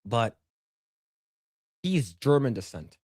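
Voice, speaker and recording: A man's voice: medium pitch, big pitch swings, slow, a little mellow, slightly rough, no room sound, clean studio sound. A man co-hosting a livestream, telling a long story in loose, profane chat full of restarts and stammers. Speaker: podcast co-host.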